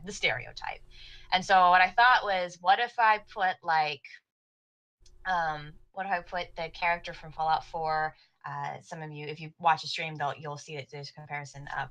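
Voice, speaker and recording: A woman's voice: on the low side, sharp tone, poor audio. A woman co-hosting a podcast, earnestly explaining how she builds characters for her games, with plenty of fillers. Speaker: game master, podcast co-host. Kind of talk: casual podcast chat.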